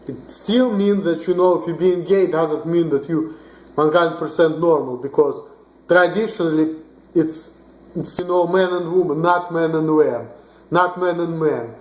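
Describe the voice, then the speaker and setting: A man's voice: a little high, moderate pace. A young man in his twenties from Russia with a Russian accent, ranting bluntly and profanely in a rambling vlog monologue with many restarts. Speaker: vlogger. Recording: roomy echo.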